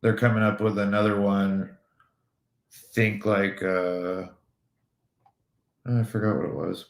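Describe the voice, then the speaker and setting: Male co-host, dry deadpan delivery, low voice, roomy echo. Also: takes it slowly, creaky. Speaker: co-host of a livestream talk show. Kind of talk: casual livestream chat.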